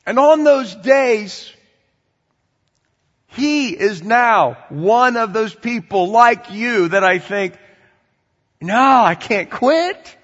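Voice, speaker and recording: Slowly, a pastor preaches a sermon to his congregation, his fairly high voice carrying a long reverb in the church sanctuary. The audio is somewhat muffled, and he shifts from loud, animated exhortation to quiet, chatty asides.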